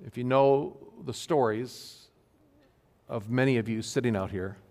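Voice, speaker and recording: Guy pastor preaching in church, earnest and emphatic, slow on the big words, long echo. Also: mid-range voice, a little mellow. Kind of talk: sermon. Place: church sanctuary. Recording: long hall reverb.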